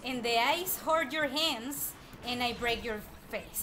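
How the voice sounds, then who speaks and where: A woman streaming a video game, excitedly chatting to the enemies she fights and repeating herself when frustrated, with game music faintly behind her. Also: a little high, takes it slowly. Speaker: gameplay streamer. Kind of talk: live gameplay commentary.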